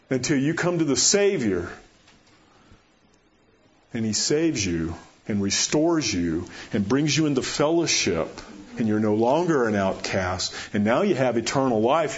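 Animated male pastor preaching. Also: mid-range voice, unhurried, lo-fi sound. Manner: animated, rising to excited questions and dropping to quiet appeals. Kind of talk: sermon.

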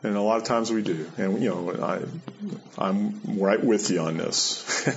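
A man on the low side of the range delivers an unhurried, earnest sermon, repeating important phrases and lifting and lowering his voice for emphasis. The lo-fi audio is dull, with a little hiss or hum.

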